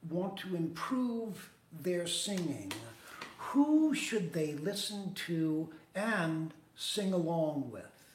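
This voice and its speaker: A man's voice: sits high, animated, echoey room, a little hiss or hum. A male interviewer who mostly drops in short encouraging replies and asks the odd question. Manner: brief encouraging interjections, slow.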